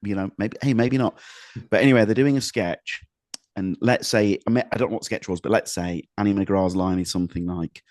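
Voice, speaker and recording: A man with a fairly low voice co-hosts a casual podcast chat. He tells stories in a rambling way, restarting and hedging as he goes. The recording is close and dry, with almost no room sound. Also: fairly quick, a little mellow, no room sound. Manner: rambling anecdotal storyteller, restarts and hedges. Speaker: podcast co-host.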